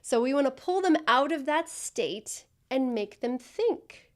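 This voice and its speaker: A woman's voice: high voice, animated, a little slow. A woman coaching a student through customer service role-play, speaking directly and encouragingly.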